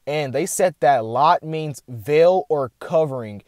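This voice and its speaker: A young man chatting casually to camera and recounting a dream, rambling with lots of filler words and animated bursts. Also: fairly high pitch, takes it slowly, dry recording, studio quality. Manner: rambling, heavy "like" filler, addresses "guys"; excited and animated retelling. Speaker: vlogger sharing a dream.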